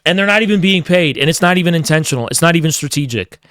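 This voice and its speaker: A man's voice: a little high, lively intonation, fast, a bit bright, no echo, clean studio sound. A man hosting a livestream, ranting casually with heavy swearing and mock-grandiose taunts. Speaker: livestream host. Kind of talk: casual streaming rant.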